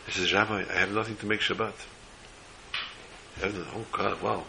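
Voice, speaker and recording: A man's voice: fairly low pitch, a little fast, vocal fry, slight background noise, poor audio. A man telling a religious story as a sermon, acting out the characters' voices with feeling. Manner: animated storyteller voicing characters.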